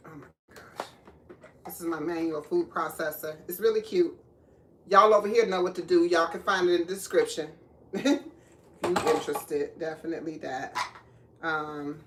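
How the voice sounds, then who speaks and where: A woman's voice: low-pitched, noisy background. A woman hosting a live cooking stream, chatting casually with viewers and laughing often. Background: clinking dishes and cutlery.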